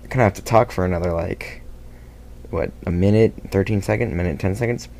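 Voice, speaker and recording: A man chats casually about his own video in a slightly low voice. He rambles, circles back and stumbles through fillers, sounding critical of his own work. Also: fairly quick, vocal fry, a little mellow. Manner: rambling, self-critical, many fillers and restarts. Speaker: video creator. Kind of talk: casual behind-the-scenes vlog talk.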